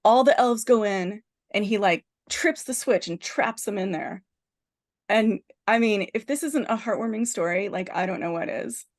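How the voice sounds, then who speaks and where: A woman podcast host in casual chat, retelling a film plot as an animated storyteller full of restarts. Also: medium pitch, normal speed.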